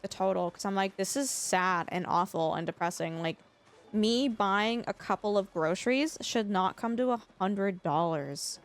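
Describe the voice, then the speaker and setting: A woman chatting through a live game stream, rambling and gushing with lots of filler words. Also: fairly high pitch. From Canada. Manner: gushing, effusive toward viewers. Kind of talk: live gameplay commentary.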